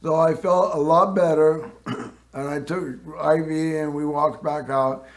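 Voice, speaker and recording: A man hosting a local TV show, telling a personal story in a rambling way and often clearing his throat. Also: a little high, steady tone, unhurried. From Northern California. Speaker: host.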